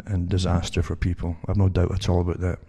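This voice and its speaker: A man with a low, gravelly voice talks through news articles for his listeners in loose, rambling bursts. His tone is dark and husky, and he keeps breaking off and restarting to fire rhetorical questions at the audience. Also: completely flat delivery, quick pace. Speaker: online commentator reading news articles. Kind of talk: rambling spoken commentary to listeners.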